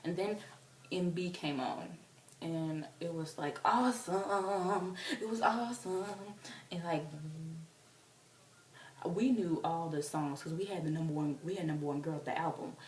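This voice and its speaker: A woman's voice: deep voice, moderate pace, slight background noise. Chatty young woman in an echoey room. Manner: excitable, chatty, full of fillers. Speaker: vlogger. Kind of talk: casual storytelling. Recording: roomy, distant from the mic.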